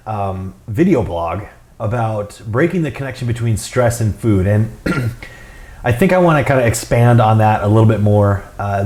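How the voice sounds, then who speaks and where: A man's voice: medium pitch, darkish tone. A fitness and nutrition coach chatting casually to camera, rambling with many fillers and restarts and chuckling often as he tells stories. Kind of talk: casual vlog talk.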